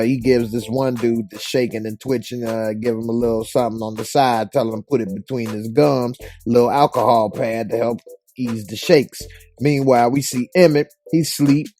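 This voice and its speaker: A man's voice: medium pitch, mellow. A man giving a casual, colloquial recap of a TV episode as a show reviewer. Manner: loose, colloquial storytelling.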